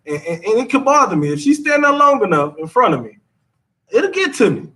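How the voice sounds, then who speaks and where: High-voiced man teaching scripture. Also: very animated, brisk, pushed and bright, recorded from a distance. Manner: conversational, repeats himself, drawling slang.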